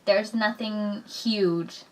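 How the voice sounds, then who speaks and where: A woman's voice: medium pitch, steady tone, drawn-out words, darkish tone, recorded from a distance. A young woman chatting casually with her husband, laughing often and acting out what people said. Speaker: vlogger talking with her husband. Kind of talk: casual chat.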